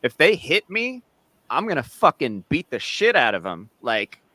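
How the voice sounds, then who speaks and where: A man in a heated live podcast debate, blunt and forceful, often restarting his sentences as he argues. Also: on the high side, huge pitch swings, normal speed, dry recording. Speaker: open podcast participant.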